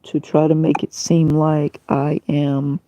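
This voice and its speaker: A woman's voice: deep voice, level tone, slow pace, warm tone, no echo, lo-fi sound. A woman talking on her own livestream in a rambling, aggrieved, emotional monologue. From Tampa, Florida area. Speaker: livestream host.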